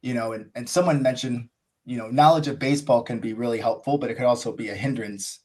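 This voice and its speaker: An American man with a mid-range, darkish voice talks fast as a podcast guest. He tells his story casually and enthusiastically, rambling along with lots of "like" and "you know."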